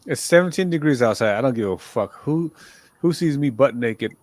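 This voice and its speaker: A man's voice: mid-range voice, expressive, moderate pace, darkish tone, no echo. A man co-hosting a podcast, chatting casually and jokingly, often stammering and restarting. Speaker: podcast co-host. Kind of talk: casual chat.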